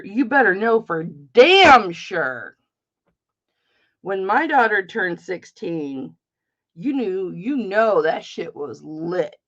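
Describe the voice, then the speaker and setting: Her voice is medium-pitched and fairly bright as this middle-aged woman runs a live jewelry auction over dull lo-fi stream audio. She keeps the selling chat casual, curses freely and calls out viewers by name.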